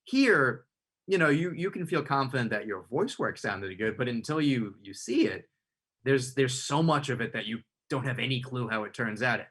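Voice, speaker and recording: Male interviewer, husky voice, long rambling questions, restarts. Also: medium pitch, animated, moderate pace, a bit bright. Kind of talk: conversational interview.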